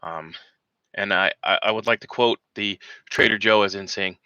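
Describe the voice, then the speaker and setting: A man's voice: on the low side, normal speed, pushed and bright, clear, resonant tone, dry recording, dull audio. A man hosting a veterans' show, ranting in heated, rambling, profane commentary.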